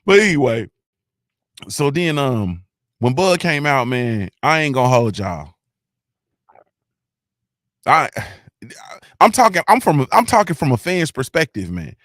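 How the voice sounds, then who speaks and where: Excitable man hosting a boxing talk show. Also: medium pitch, a little slow, pauses often, no room sound, studio quality. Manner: excited, slangy, repeats himself a lot. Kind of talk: casual fan talk on a livestream.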